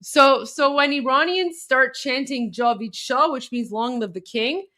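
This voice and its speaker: A woman hosting a live stream, commenting excitedly and rambling with lots of fillers and restarts. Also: sits high, a little slow. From Iran. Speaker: host.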